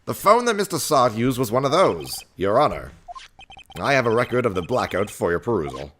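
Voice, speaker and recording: A man's voice: mid-range voice, big pitch swings, fairly quick, a bit bright, a little hiss or hum. A man voicing a nervous young male defense lawyer in a video game, hesitant and unsure of himself.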